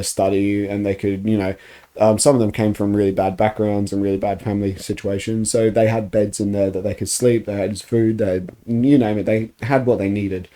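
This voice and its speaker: A man's voice: fairly low pitch, mellow. A young Australian man telling stories in a casual podcast chat, swearing freely. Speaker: podcast co-host.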